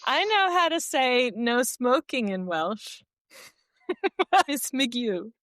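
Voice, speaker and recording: A woman's voice: sits high, sing-song, slow pace, a bit bright, no echo. A woman from the United States co-hosting a podcast in casual chat, playful and teasing, laughing a lot. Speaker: podcast co-host.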